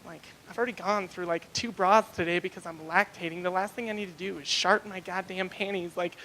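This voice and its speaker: A cranky, pregnant young wife whines about everything and climbs into a high-pitched shriek. A man puts her on in a stand-up routine. Her voice sits high, and her complaints spiral louder as she goes. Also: fairly even intonation, brisk, slight background noise, poor audio. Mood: whiny. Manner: whiny, complaining, rising to a shriek.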